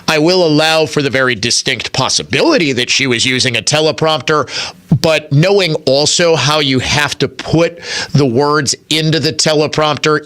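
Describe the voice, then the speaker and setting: A man's voice: fairly high pitch, pushed and bright. A male talk radio host giving opinionated political commentary in a conversational way, arguing his points and speaking directly to his listeners.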